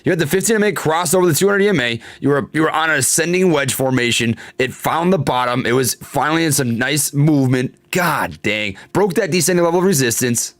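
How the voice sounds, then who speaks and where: On a live trading stream, a young man talks about stock charts in a slightly high, expressive voice with a fairly bright tone, going a little fast with few pauses. He reads the chat aloud and lets out his frustration, swearing but laughing it off.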